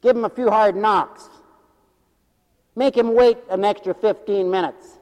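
A man's voice: high voice, measured pace, in a large hall, muffled recording. A man preaching a humorous revival sermon in a church, folksy and joking, calling for amens from the congregation.

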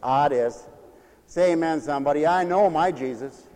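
A man, a pastor, preaching a playful, animated sermon in a church, repeating phrases and calling for responses from the congregation. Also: on the high side, moderate pace, big-room sound, low-quality recording.

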